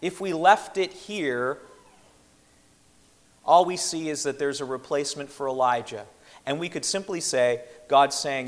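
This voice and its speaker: A man preaching a sermon in an earnest, measured way, slowing down to stress the scripture he quotes. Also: on the high side. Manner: earnest, measured, with slowed emphatic quotations. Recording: reverberant hall.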